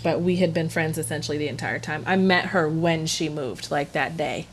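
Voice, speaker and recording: Female podcast co-host, lowish voice, chatty, casual banter. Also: normal speed, a little hiss or hum. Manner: chatty, laughs easily.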